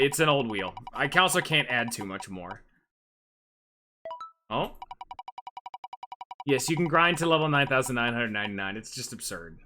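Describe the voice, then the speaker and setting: A man chatting casually on a live stream, excitable and swearing freely, laughing often. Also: fairly high pitch. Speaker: livestreamer.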